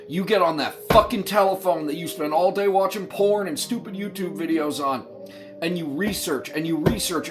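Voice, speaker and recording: High-voiced man ranting, profane and impassioned. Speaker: commentator. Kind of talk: angry political rant to camera.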